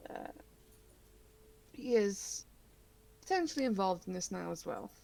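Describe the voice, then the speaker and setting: A mysterious young fortune teller speaks in an attempted New Orleans accent, voiced by a woman, slow and theatrical. Her voice sits a little higher than plain talk, with a gravelly edge. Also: lively intonation, darkish tone, poor audio. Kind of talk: tabletop game role-play.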